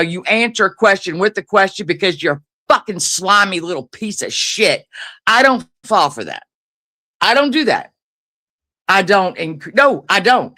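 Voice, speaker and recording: A guest on a livestream, a woman, tears into someone in a profane, taunting rant. Her voice is bright and sharp, and it swings up and down constantly as she talks. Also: medium pitch.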